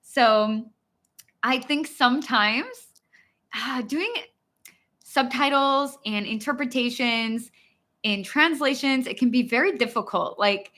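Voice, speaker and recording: A woman's voice: high voice, takes it slowly, sharp tone. An American woman in her thirties, an English teacher chatting through a live-stream Q&A in a giggly, self-deprecating way.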